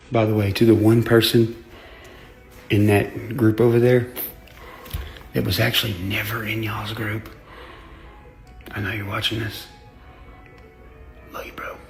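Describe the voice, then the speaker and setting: Gravelly, profane man ranting on a stream. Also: mid-range voice. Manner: profane, boastful, laughs often. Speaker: livestream host. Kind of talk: casual livestream rant.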